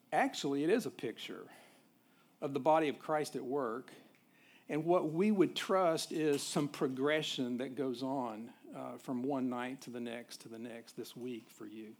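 A middle-aged man from Nashville preaching a sermon as a pastor, halting, with frequent fillers and restarts. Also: medium pitch, a little mellow. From Nashville, USA.

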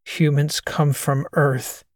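A man voicing a confused, shaken male operative who talks slowly and sounds bewildered in an audiobook. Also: on the high side, level tone, dry recording, studio quality. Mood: dazed. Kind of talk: audiobook character voice.

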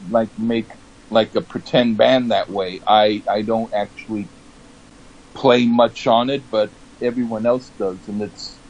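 A man, a songwriter, talking casually in a flat, monotone way, full of restarts and repeated words. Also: fairly low pitch, a little slow, lo-fi sound. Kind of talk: casual chat.

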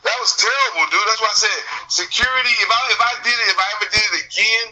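A man in casual chat, telling profane stories in a loud, animated way. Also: sits high, very fast, low-quality recording.

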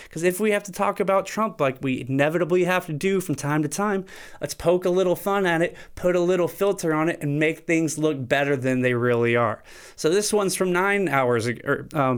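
This man's voice is on the high side, smooth and brisk. He hosts a podcast, riffing through a loose comedic rant full of swearing, jokes and mounting agitation.

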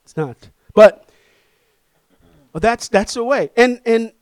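A man with a fairly high voice preaches a sermon, telling a lively, self-deprecating story to his congregation. The sound is close and dry, with little room echo. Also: slow. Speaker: pastor. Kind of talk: sermon with humorous personal story.

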